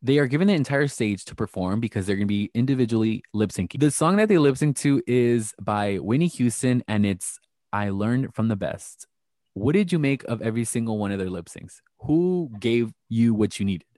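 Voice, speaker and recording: A man's voice: mid-range voice, lively intonation, moderate pace, warm tone, dry recording, clean studio sound. A man hosting a podcast, chatting casually through a recap with sarcastic asides. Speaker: podcast host.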